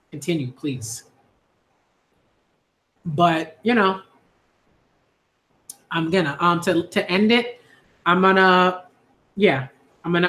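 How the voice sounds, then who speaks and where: Earnest high-voiced man in echoey room. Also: bright, forceful tone. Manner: earnest, repetitive, many fillers and restarts. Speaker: YouTube commentator. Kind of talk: casual monologue to camera.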